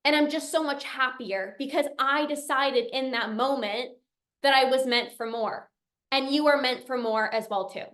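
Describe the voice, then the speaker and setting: Earnest, high-voiced woman coach. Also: moderate pace, fairly bright tone. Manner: earnest, emotional, repeats phrases for emphasis. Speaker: binge eating coach and podcast host. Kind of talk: motivational talk, reading out member comments.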